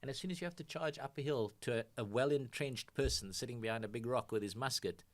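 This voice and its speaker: A man co-hosting a casual podcast chat, jokey and quick to laugh. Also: medium pitch. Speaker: podcast co-host.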